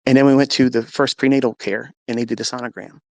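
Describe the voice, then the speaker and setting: A man's voice: medium pitch, fairly even intonation, fast talker, no room sound. A man giving an emotional, earnest personal faith testimony in a live audio chat, acting out the dialogue as he tells it. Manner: earnest, emotional storyteller who acts out dialogue. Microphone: personal mic or phone in a live audio room.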